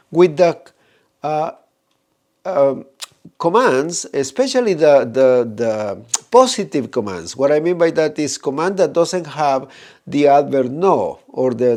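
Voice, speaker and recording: A man, teaching a grammar lesson and often checking in with "right?" while he slowly draws out the examples. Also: on the high side, a little mellow. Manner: explanatory, frequent "right?" checks, slow drawn-out Spanish examples. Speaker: Spanish teacher.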